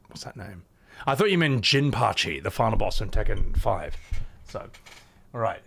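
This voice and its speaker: A man's voice: medium pitch, gravelly, fairly bright tone, slight background noise. A man streaming live, chatting casually with his viewers, swearing and laughing as he reacts to their comments.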